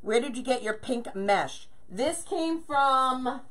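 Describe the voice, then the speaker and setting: Lady doing a craft live, kinda high voice, chatty, says hi to everyone by name while she works. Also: lively intonation, slow pace, fairly bright tone. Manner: greets viewers by name, counts aloud while working. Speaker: craft livestream host.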